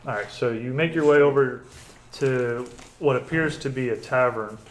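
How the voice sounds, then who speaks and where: A man's voice: medium pitch, normal speed, a little hiss or hum, poor audio. A man narrating as game master in a tabletop game, casual and stumbling a little over his words.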